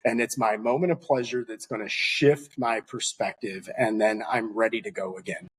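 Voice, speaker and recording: A man guesting on a podcast, telling an anecdote in a casual, animated way and acting out the lines of the people in it. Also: fairly low pitch, moderate pace, slightly rough. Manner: animated, acts out dialogue in anecdotes. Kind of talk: conversational storytelling.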